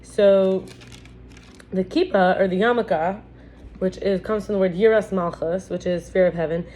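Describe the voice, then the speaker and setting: A woman's voice: medium pitch, fairly even intonation, a little slow, dark tone, a little hiss or hum. A woman giving a casual spiritual lesson, talking in a chatty way with frequent restarts while reading from a book. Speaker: teacher. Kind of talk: casual spiritual teaching talk.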